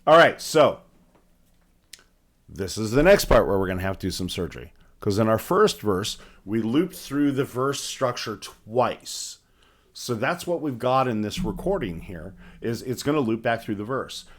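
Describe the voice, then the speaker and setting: A man hosting a casual livestream music tutorial, his voice hoarse from phlegm, thinking aloud and narrating each step of his work with small restarts. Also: fairly low pitch, expressive, measured pace. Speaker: livestream host.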